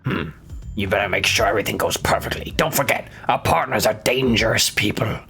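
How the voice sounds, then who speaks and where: A man doing a cold, hushed crime boss. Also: a little fast, gravelly, soft background music. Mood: menacing. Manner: low, hushed and threatening.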